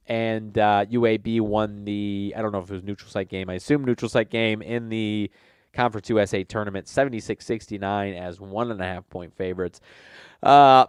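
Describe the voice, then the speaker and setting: Clear and resonant, this man's mid-range voice is recorded dry with clean studio sound. Hosting a sports betting show while a little nasal from a cold, he talks casually and rambles, with frequent fillers and self-corrections.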